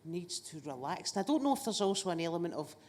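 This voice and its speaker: A woman's voice: fairly low pitch, sing-song, quick pace, a little mellow. A woman, a guest comedian chatting casually and telling stories with plenty of swearing. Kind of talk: casual chat.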